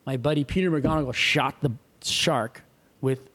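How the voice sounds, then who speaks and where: Animated surfer man telling a story. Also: mid-range voice, normal speed. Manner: animated, acts out quoted voices, swears freely. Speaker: guest. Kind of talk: casual storytelling.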